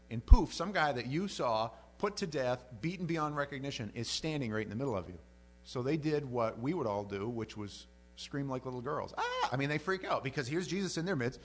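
Animated, conversational male preacher. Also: medium pitch. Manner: conversational and animated, frequent restarts. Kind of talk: sermon.

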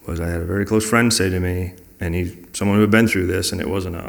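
A man's voice: low voice, steady tone, quick pace, creaky. A man sharing personal stories in an earnest, reflective way during a conversational talk. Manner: earnest and reflective, acting out quoted dialogue.

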